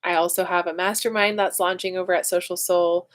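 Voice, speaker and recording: A woman's voice: fairly low pitch, little pitch movement, brisk. A woman, chatting casually and emotionally with viewers as host of a livestream. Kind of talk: casual live chat with viewers.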